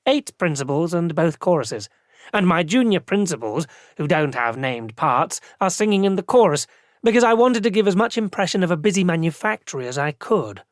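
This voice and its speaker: A narrator voicing an excitable male opera director who talks brashly and shouts. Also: a little high, normal speed, no room sound, studio quality. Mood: brisk.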